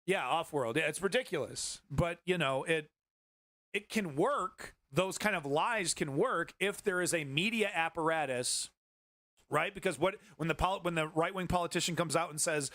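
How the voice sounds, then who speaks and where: A man's voice: fairly high pitch, normal speed, sharp tone, dry recording, clean studio sound. A man hosting a livestream news show, giving casual political commentary in a rambling, profane way, with many restarts.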